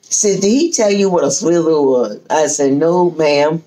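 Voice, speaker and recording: A woman's voice: deep voice, moderate pace. A woman telling a family story in casual chat, acting out what each person said. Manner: lively storyteller who acts out quoted speech. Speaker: host.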